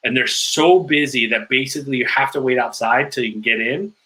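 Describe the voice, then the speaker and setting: Bright-voiced animated male storyteller. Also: medium pitch, a little fast, low-quality recording. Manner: animated storyteller with many filler likes. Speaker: guest. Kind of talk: casual podcast interview storytelling.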